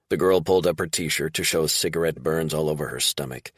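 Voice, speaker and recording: A man narrating a crime thriller audiobook in a measured, dramatic reading. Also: extremely low pitch, breathy edge, no echo, clean studio sound. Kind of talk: scripted narration.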